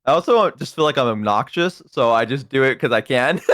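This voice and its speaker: A man's voice: mid-range voice, a bit bright, no echo, studio quality. A man in his twenties, a guest streamer, chatting casually in a laid-back, self-deprecating, rambling way. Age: 20s. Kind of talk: casual chat on a livestream.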